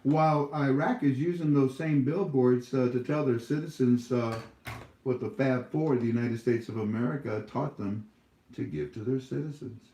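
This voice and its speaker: Male YouTube host, soft dark voice, preachy and rambling, echoey room. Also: mid-range voice, normal speed. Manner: scolding, preachy, rambling with many fillers. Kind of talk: casual monologue to viewers. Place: his home.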